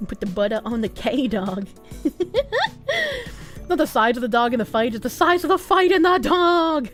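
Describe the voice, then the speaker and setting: A young woman livestreamer in casual chat, reading viewer messages aloud, laughing often and swearing freely. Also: high voice.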